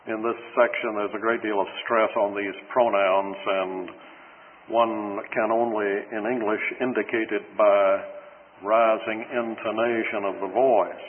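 A man with a Texan accent preaching an expository sermon, reading scripture slowly and deliberately, with dry asides. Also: fairly low pitch, fairly even intonation. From West Texas. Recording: phone-like lo-fi radio broadcast with faint hiss and long hall reverb.

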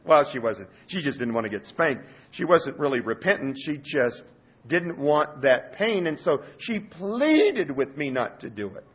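A man preaching a sermon with passion, swinging between loud urgency and quiet intensity. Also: a little high, sing-song, measured pace, slightly rough. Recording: dull lo-fi sermon recording.

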